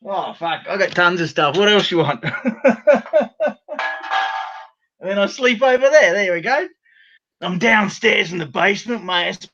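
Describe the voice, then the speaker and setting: Australian guy, high voice, rowdy and profane, dull lo-fi call audio; show regular on a video call. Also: lively intonation, normal speed, faint music behind. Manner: loud, rowdy, swears freely. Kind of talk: casual video call chat. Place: bedroom at home.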